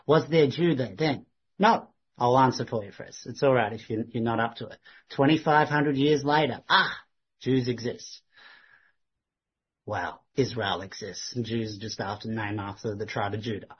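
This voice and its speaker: A husky man shares a testimony with his congregation, retelling a debate and mimicking both sides. His voice sits at an ordinary pitch. The recording sounds dull and muffled. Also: normal speed. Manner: lively retelling that mimics the other man's lines. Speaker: church member recounting a witnessing conversation.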